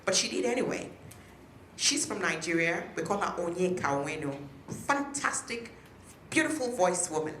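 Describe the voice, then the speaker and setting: Lively woman speaking in an echoey room. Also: on the low side, normal speed, slight background noise. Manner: engaging, asks the audience questions. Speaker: speaker at a peace event. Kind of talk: speech to an audience. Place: hotel function room.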